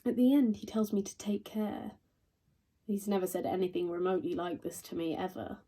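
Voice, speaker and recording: A sardonic young woman in her twenties , played by an actress, delivers a stage monologue full of dry, crude asides. Her voice is dark and a little husky. She sounds a touch distant from the mic. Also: mid-range voice, a little fast, close to an everyday voice. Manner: wry, deadpan, crude asides. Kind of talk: theatrical monologue.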